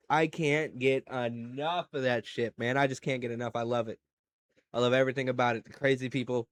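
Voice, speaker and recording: A young man hosting a casual solo podcast from home, telling crude, profane stories with sudden loud outbursts. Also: on the high side, no room sound. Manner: crude, profane storytelling with animated swings in loudness. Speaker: podcast host.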